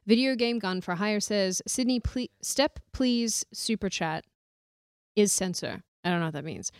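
A woman's voice: mid-range voice, animated, a little slow, clear, resonant tone, no echo, clean studio sound. A woman co-hosting a casual online talk show, reading viewer messages aloud and laughing often. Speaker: co-host reading super chats. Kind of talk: casual chat.

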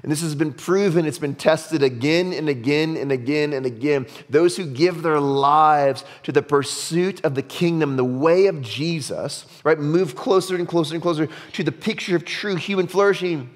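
Male pastor giving a chatty sermon, a bit high voice, long echo off the church hall. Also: normal speed, hardly any pauses. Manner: conversational preaching with frequent "right?" asides, drops low and soft for emphasis.

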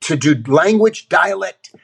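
A man's voice: high voice, measured pace, vocal fry, breathy edge. A man, a guest on a podcast, telling candid stories bluntly and swearing casually. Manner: blunt, animated storyteller who swears casually. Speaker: actor guest.

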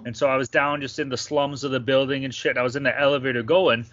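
A young man rattles along fast in a bright, slightly high voice, swearing freely as he banters on a sports podcast. The recording is dry and a little dull and lo-fi, like a home mic. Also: steady tone, no echo. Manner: profane, rowdy banter. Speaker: podcast co-host. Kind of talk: casual podcast chat.

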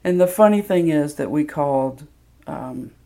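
Gravelly woman telling a story. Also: deep voice, a little slow, warm tone. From Mississippi, USA. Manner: candid, self-deprecating, loose with fillers. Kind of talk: personal storytelling.

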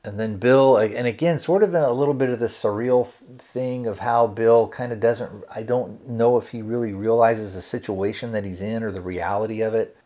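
Low-voiced man casually recapping a film. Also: moderate pace, few pauses. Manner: retells scenes loosely, quoting characters in his own voice; relaxed, hedging with fillers like kinda and you know. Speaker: podcast host reviewing a film. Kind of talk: casual spoken movie recap.

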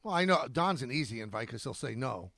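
A man's voice: medium pitch, very animated, fast, fairly bright tone, no room sound. A man co-hosting a sports podcast, teasing the others with dry humor. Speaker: sports talk co-host. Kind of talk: casual podcast banter.

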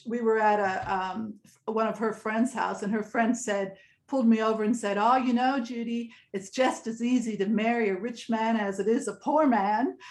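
A woman in her sixties, a guest telling stories in a chatty, rambling way and laughing often. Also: mid-range voice. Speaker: interview guest. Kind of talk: casual storytelling. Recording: echoey room.

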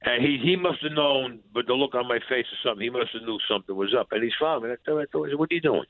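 A former mob enforcer racing through his words in a mid-range voice tells an interview story, voicing both sides of old conversations in blunt, profane street talk. There's no echo, but the phone line sounds tinny.

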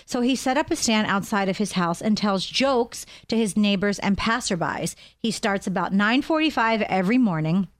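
A woman's voice: medium pitch, animated, moderate pace, few pauses, no room sound. A woman co-hosting a radio show in a studio, playful and teasing. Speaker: radio co-host.

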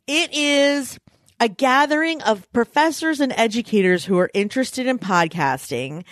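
A woman in her thirties co-hosting a podcast, telling stories in a quick, animated way and swearing casually. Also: a little high, no room sound, studio quality. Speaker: podcast co-host. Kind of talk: casual chat.

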